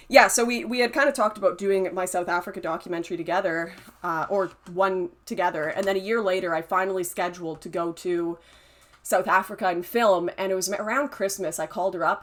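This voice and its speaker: A young adult woman hosting a casual livestream, chatty and laughing often as she reads and answers chat comments. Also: on the low side. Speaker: livestream host reading chat.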